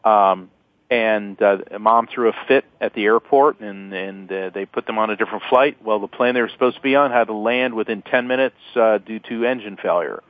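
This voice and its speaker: A man's voice: on the low side, moderate pace, dry recording. A middle-aged man, a guest attorney and author, telling stories earnestly with lots of fillers and restarts in a phone-in radio interview. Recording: tinny phone-line sound.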